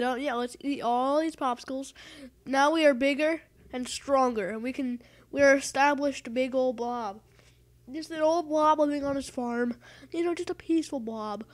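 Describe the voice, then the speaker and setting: A woman giving casual, rambling gameplay commentary, excitable and calling out to rival players. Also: sits high. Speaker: gaming channel host.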